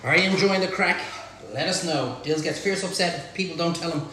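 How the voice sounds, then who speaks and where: A man with an Irish accent hosting a live cook-along in a home kitchen, chatty and excitable, full of exclamations. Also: a little high, fairly quick. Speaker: chef host. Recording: very echoey room, faint noise.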